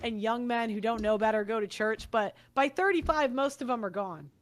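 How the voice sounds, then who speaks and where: A woman's voice: fairly high pitch, moderate pace. A young woman giving an angry, blunt monologue, swearing often as she vents. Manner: blunt, profane and heated. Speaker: commentator.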